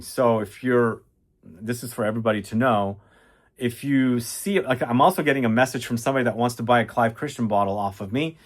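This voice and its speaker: A man casually reviewing fragrances, chatty and enthusiastic, rambling with fillers and restarts. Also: medium pitch.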